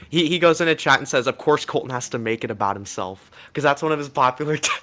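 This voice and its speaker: A man's voice: mid-range voice, pushed and bright. A man telling a long rambling story on a voice chat, tumbling over fillers and restarts and swearing freely. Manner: rapid rant, full of fillers and restarts, swearing. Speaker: guest on a stream call.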